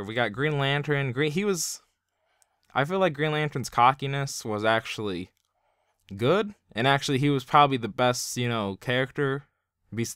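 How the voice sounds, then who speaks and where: A man's voice: medium pitch, fairly bright tone, clean tone, no echo, clean studio sound. A young man giving a casual spoken review, rambling with constant filler words. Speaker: video reviewer.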